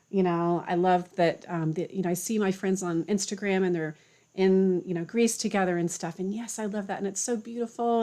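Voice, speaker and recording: A young woman giving a casual, chatty spiritual talk to camera, full of fillers like "you know" and "like". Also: mid-range voice. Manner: relaxed and chatty, many fillers. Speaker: spiritual teacher.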